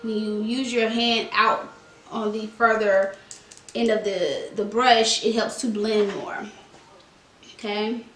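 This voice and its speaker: A woman's voice: mid-range voice, slow, far from the mic. A young woman, chatting dramatically while doing a makeup tutorial. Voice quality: dramatic, animated storytelling. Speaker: beauty vlogger. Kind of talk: casual makeup tutorial chat. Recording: echoey room.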